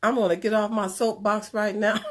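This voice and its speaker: A woman telling a personal story in a conversational talk, animated and earnest, drifting into preachy asides. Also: mid-range voice, a little slow. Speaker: speaker sharing a personal story. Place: Chicago area.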